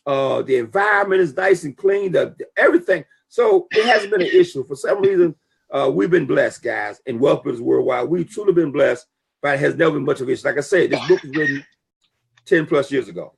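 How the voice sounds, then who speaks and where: A guest on a network marketing talk show, this man has a gravelly, slightly husky voice pitched a bit high for a man, and he talks briskly. His casual motivational talk is emphatic and preachy, full of lively stories as he hands out business advice.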